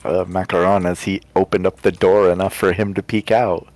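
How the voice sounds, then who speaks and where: Low-voiced man playing a tabletop game. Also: brisk, no room sound. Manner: relaxed, laughs often. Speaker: player. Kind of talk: tabletop role-play narration.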